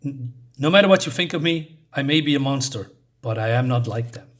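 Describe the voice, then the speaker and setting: A man's voice: mid-range voice, expressive, fairly quick, lightly acted. A man voicing an ancient, weary monster who guards a boy, speaking curtly in a comic book reading. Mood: stern. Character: ancient weary male monster protector, stern.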